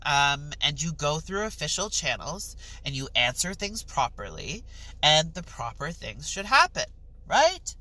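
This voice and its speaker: A young woman rants to the camera in her vlog. She is exasperated and swears freely. Her voice sits low and drawls slowly, with a bright, tense edge. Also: very animated, rough recording. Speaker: vlogger. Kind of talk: ranting storytime vlog.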